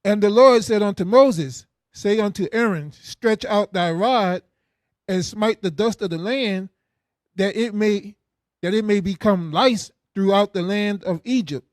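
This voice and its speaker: A man reads scripture aloud in a steady, formal manner with a notably high voice. His reading is clear and even, recorded dry and close with no echo. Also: unhurried. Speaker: scripture reader.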